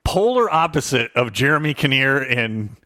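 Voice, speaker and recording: A man co-hosting a casual movie review chat, emphatic and expressive. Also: mid-range voice, dry recording. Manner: expressive, emphatic, quick reactions. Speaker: podcast co-host.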